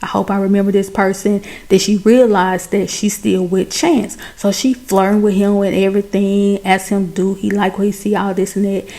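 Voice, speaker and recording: A woman recaps a film in a chatty, animated way, speaking straight to her viewers. Her voice is dark and mellow, with a gravelly fry running through it. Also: medium pitch, normal speed, few pauses. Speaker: movie recap host. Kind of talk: casual movie recap.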